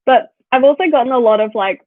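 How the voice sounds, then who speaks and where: A woman's voice: on the high side, quick pace, no echo. A young Australian woman in her twenties, chatting casually to viewers and telling stories, with lots of "like" fillers. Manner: chatty, fillers of "like", animated storytelling. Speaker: vlogger. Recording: tinny phone-like sound, dry.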